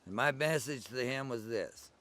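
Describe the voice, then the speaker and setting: An older man reminisces about his early days at the gathering in a conversational oral-history manner, rambling and digressing as he goes. His mid-range voice is animated and a bit bright, at a moderate pace.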